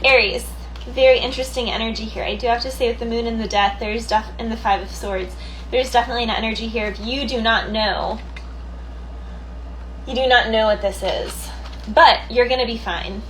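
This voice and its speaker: A woman's voice: fairly high pitch, fairly even intonation, normal speed, slight background noise, poor audio. A woman doing a casual tarot card reading, chatty, thinking aloud and laughing easily. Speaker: tarot reader.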